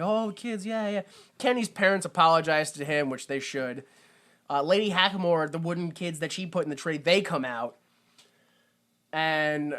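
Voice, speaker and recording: A young man co-hosting a casual podcast, animatedly recapping a movie scene by scene and breaking into loud, mock-confused outbursts. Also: fairly high pitch. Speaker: podcast co-host.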